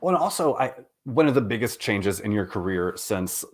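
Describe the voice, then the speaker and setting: A man with a lowish voice hosts a casual interview. He teases his guest dryly and strings his questions together loosely, adding extra words as he goes. Overall the talk stays relaxed and conversational. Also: normal speed. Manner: teasing, wry, loosely worded questions. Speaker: interview host.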